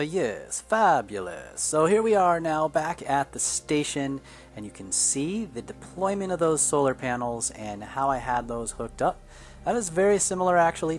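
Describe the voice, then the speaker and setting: A man casually narrating his space building game, explaining parts in a relaxed, rambling way with fillers. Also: mid-range voice. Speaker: gaming video creator. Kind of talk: casual gameplay commentary.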